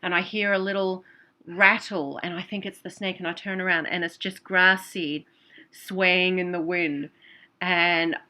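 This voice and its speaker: A woman's voice: lowish voice, fairly even intonation, a little slow, sharp tone. A woman telling a personal story in a casual, earnest way, often repeating herself. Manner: earnest, repetitive, emotional. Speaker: vlogger and clairvoyant.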